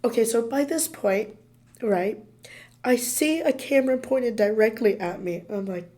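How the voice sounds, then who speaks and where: Hoarse, excitable woman co-host. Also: fairly high pitch, measured pace. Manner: excitable, laughs often, fillers like "like". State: hoarse from illness. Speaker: podcast co-host. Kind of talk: casual chat, animated storytelling.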